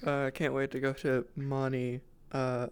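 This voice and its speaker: A man streaming a roleplay session, chatting casually out of character with excitable, giggly banter. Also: mid-range voice, normal speed, noisy background.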